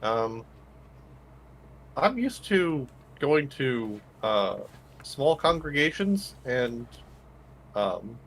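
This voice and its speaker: A man playing a tabletop game, speaking in character hesitantly and politely, with many pauses. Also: medium pitch, big pitch swings, a bit bright. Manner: hesitant, polite, full of ums. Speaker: player.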